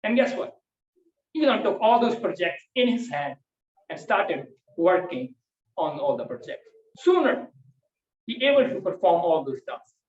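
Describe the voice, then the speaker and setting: Male speaker, rehearsed speech, big lively pitch swings; distant echoey muffled call audio. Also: unhurried, pauses often. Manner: emphatic, dramatic swings of pitch and loudness. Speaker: club member giving a prepared speech. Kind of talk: prepared public speech. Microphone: video call.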